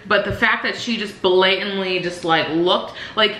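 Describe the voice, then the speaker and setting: A woman's voice: medium pitch, measured pace, sharp tone. A young woman vlogger venting animatedly about her day in casual, swear-filled storytelling. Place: indoors at home. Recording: echoey room.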